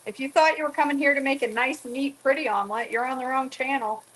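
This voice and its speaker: A woman's voice: sits high, fairly even intonation, fast, a bit bright, a little hiss or hum, poor audio. Chatty middle-aged woman cooking at home. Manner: chatty, teasing, talks to viewers by name. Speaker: cooking vlogger. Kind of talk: casual chat while cooking. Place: home kitchen.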